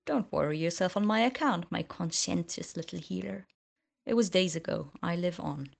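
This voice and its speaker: A woman's voice: lowish voice, moderate pace, creaky. A woman reading the lines of a cool, sardonic young male wizard in an audiobook.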